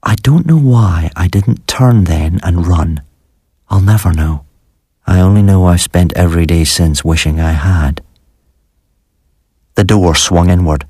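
Low, husky male storyteller. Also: warm tone, no echo, clean studio sound. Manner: measured, dramatic storytelling. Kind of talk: scripted horror story narration.

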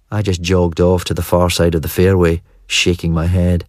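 A man reading first-person narration for an audiobook in a measured, even delivery. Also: deep voice, no echo, clean studio sound.

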